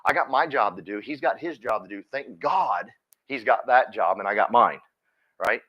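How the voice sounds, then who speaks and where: A man giving a folksy, energetic motivational talk to his team, often repeating himself. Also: lowish voice, normal speed, slightly rough, muffled recording. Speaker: team leader speaking at a company meeting.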